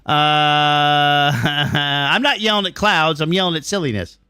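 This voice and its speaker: A man's voice: fairly high pitch, steady tone, slow, pushed and bright, clear, resonant tone, dry recording, studio quality. A middle-aged man streaming a game and answering his chat, ranting bluntly and swearing freely. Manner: blunt, profane, riled-up ranting.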